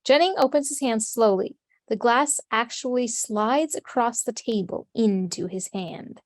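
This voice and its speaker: A woman narrating the stage directions of a script in a steady, matter-of-fact way. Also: fairly high pitch, measured pace, no echo, clean studio sound.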